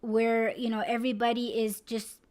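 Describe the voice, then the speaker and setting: A woman's voice: fairly high pitch, flat delivery, moderate pace, a little mellow. A woman podcast host in casual chat, rambling with lots of fillers and swearing freely. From United States.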